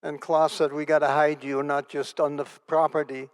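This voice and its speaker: An older man recounts his memories in a smooth, clear voice pitched a little high for a man. He speaks earnestly and vividly, circling back on key phrases to drive them home. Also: little pitch movement, moderate pace. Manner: earnest, vivid storytelling with repetition for emphasis. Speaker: Holocaust survivor, keynote speaker. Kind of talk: personal testimony in an onstage interview.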